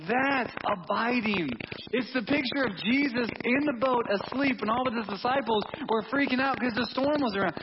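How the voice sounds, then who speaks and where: A man's voice: extremely high pitch, a little fast, noisy background. A man preaching a sermon as pastor, talking to the congregation in an emphatic, conversational way and repeating key words. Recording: dull lo-fi audio.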